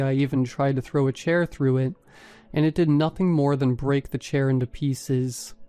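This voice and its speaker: A man narrating a first-person horror story in a steady, even storytelling manner. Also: mid-range voice, clean tone, dry recording. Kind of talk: scripted narration.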